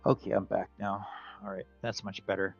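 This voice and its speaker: A man casually narrating his gameplay in a relaxed, rambling way, tired and with a stuffy nose. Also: low voice, moderate pace, vocal fry. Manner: relaxed, rambling, talks to himself. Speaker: game streamer. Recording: dull lo-fi audio, faint game music.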